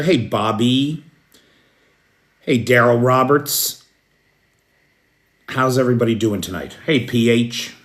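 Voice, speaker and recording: An American man hosting a casual live news stream at night, greeting viewers by name in an unhurried way. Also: medium pitch. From United States. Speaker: news host. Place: apartment in a city at night.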